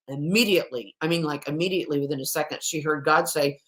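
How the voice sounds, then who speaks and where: A woman's voice: low voice, quick pace, hardly any pauses. A woman in her sixties, a guest on a video call, telling stories with an emphatic, evangelical fervor. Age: 60s. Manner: animated storyteller, evangelical and emphatic. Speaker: guest, documentary producer. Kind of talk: interview over video call.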